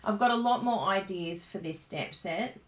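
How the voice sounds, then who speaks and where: A woman's voice: medium pitch, normal speed. A woman with an Australian accent chatting casually on a card-making live stream. She gushes and laughs often. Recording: roomy, echoey room sound.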